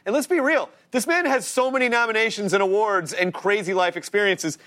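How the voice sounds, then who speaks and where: Upbeat guy hosting a tv talk show, bright forceful voice, a bit high. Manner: excitable, fast, bursts into shouts and laughs. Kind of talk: energetic studio talk show. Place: TV studio with live audience.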